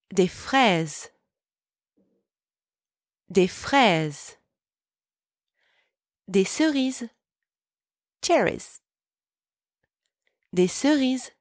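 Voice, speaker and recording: A woman teaching a podcast French lesson, pronouncing each word slowly and clearly so listeners can repeat after her. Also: mid-range voice, no echo, clean studio sound. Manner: clear, slow, deliberate pronunciation for repeating. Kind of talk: podcast language lesson with repetition drills.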